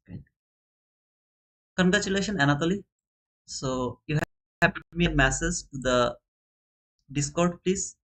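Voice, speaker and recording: A man with a South Asian English accent hosting a live stream, chatting casually and reading names aloud with excited bursts. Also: a little high, measured pace, long pauses. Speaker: trading channel host running a giveaway.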